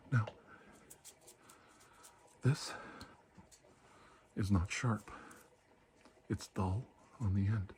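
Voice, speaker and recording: A man in a whispered role-play as a doctor giving a calm exam, soft-spoken and gently reassuring. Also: fairly low pitch, extremely slow, long pauses, a little hiss or hum. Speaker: ASMR creator playing a doctor.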